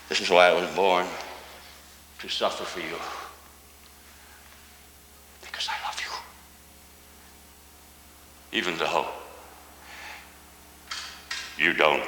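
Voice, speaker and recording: A man playing a hushed, sorrowful Jesus in an echoing hall. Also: deep voice, a little hiss or hum, full character voice. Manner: slow, hushed, intimate, dropping to whispers. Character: Jesus, sorrowful man speaking to his accusers. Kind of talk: one-man stage performance. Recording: echoey hall with long reverb.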